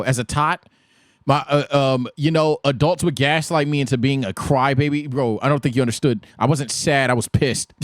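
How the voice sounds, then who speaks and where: A man reacting to an anime recap with casual, excitable and profane commentary, talking straight at the screen. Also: fairly high pitch, no echo, clean studio sound.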